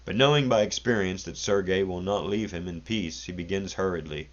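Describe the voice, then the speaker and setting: A man with a very deep, low voice reads a classic story aloud at a measured, deliberate pace. The sound is dull and lo-fi, with the top end muffled. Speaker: narrator.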